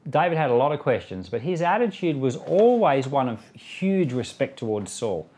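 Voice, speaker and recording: A man's voice: a little high, very animated, moderate pace, few pauses, a little mellow. A pastor reading scripture and then giving conversational commentary, sometimes acting out the people he quotes. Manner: conversational, acts out quoted voices. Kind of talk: Bible reading with spoken commentary.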